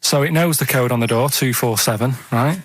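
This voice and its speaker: A man from Manchester telling a rambling story on a radio show, halting and tacking "right?" onto his sentences. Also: mid-range voice, husky. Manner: meandering, halting, keeps adding "right?". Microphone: studio microphone.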